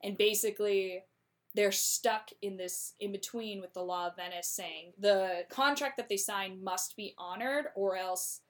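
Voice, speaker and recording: A woman casually recapping a plot in a chatty, slangy way, with quick laughs. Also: mid-range voice.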